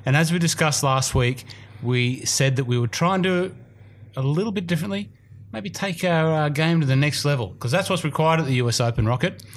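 In a studio room, a golf podcast host with an Australian accent talks fairly quickly in a voice on the high side. He keeps things loose and wandering, poking a little fun at himself.

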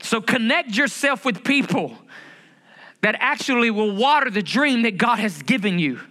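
A middle-aged pastor delivers a sermon. His voice sits high and sounds bright and forceful. He drives points home by repeating phrases and putting questions to the congregation. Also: expressive, moderate pace. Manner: emphatic preaching, repeats key phrases, asks the congregation questions.

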